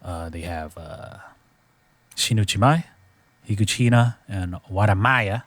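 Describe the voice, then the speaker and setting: A man hosting a podcast in casual chat, recapping with a relaxed, filler-heavy storytelling manner. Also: fairly low pitch, unhurried, no room sound. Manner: laid-back storytelling with lots of fillers. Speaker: podcast host.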